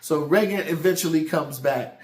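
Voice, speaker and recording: High-voiced man telling a folksy story. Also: moderate pace. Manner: folksy, down-home storyteller who turns preachy. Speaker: motivational speaker. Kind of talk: storytelling motivational talk. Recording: roomy echo with faint background music.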